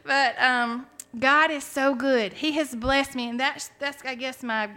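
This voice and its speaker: A woman's voice: high-pitched, steady tone, unhurried, bright, forceful tone. A woman in her forties giving a heartfelt personal faith testimony, telling her story earnestly with frequent restarts. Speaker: testimony speaker.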